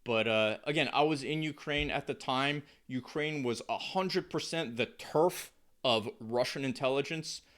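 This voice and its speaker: American man, casual commentary, conversational, emphatic repetition, mid-pitched voice. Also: a little slow, fairly bright tone. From United States. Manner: conversational, frequent fillers and restarts, emphatic repetition. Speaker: political commentary vlogger.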